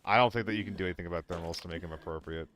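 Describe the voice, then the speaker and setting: A man's voice: low-pitched, very fast, fairly bright tone. A young man streaming a shooter game alone, chatting and swearing casually to his viewers while he plays. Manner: chatty, swearing, talks to chat; banters with viewers, jumps between topics. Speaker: gaming streamer. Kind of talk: casual live-stream commentary.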